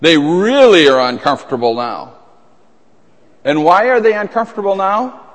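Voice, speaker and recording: Male preacher, slightly high voice, conversational sermon, long hall reverb. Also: sing-song, normal speed. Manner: conversational, emphatic, with asides and restarts.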